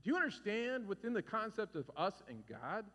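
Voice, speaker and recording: A pastor in his forties delivers a lively, conversational sermon, his high, bright voice leaping around as he acts out stories. He ends on questions to the room. A long reverb trails every phrase through the church hall. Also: normal speed. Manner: animated storytelling, acting out voices and shouts.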